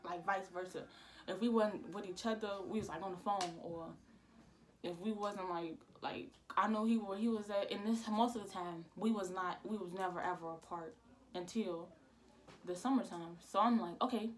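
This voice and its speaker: A woman's voice: mid-range voice, fairly even intonation, moderate pace, slight background noise. A young woman vlogger telling a casual storytime. She rambles, repeats "I'm like" and uses a lot of slang.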